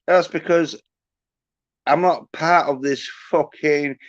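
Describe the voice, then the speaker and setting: On a dull, lo-fi stream with no echo, a male host rants with nonstop profanity. His voice sits on the high side, and he speaks slowly in a steady tone, pausing often.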